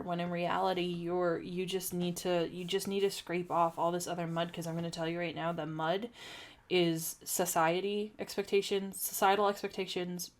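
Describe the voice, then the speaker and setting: A young adult woman giving a tarot reading, talking earnestly and encouragingly with many restarts and fillers. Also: lowish voice. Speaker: tarot reader.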